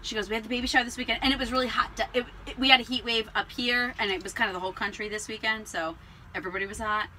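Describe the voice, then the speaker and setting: A woman's voice: on the high side, fairly even intonation, very fast, pushed and bright, slight background noise, low-quality recording. A woman co-hosting a casual chat show, telling stories animatedly, acting out the voices she quotes and laughing often. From New Jersey. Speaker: podcast co-host.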